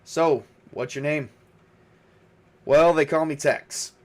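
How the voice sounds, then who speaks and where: A man's voice: on the high side, fairly even intonation, slow pace, a little mellow. A tough, cagey huntress from Texas, as a man puts her on in a tabletop game, answering questions with dry, blunt defiance. She drawls her lines in an easy, unbothered way, barely raising her voice. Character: wary female hunter from Texas, blunt. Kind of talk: solo tabletop role-play voicing.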